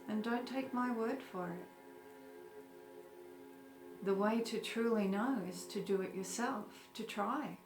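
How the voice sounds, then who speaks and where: A woman leading a guided meditation in a slow, gentle, soothing way. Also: mid-range voice. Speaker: meditation teacher. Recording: roomy with music behind. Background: soft music.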